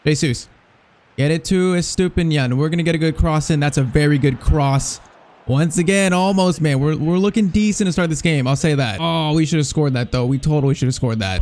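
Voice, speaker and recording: A young man giving live, excitable commentary over a football video game, reacting nervously and shouting at big chances. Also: fairly high pitch. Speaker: gaming YouTuber.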